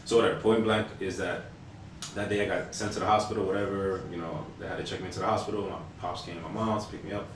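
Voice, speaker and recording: A fast-talking man in his thirties chats and tells stories on a podcast, animated and loose, with swearing tossed in. His fairly low voice sits back from the mic in a very echoey room with faint hiss. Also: recorded from a distance. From Hispanic household. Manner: animated, swears casually, many fillers. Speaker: podcast co-host. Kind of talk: casual storytelling chat.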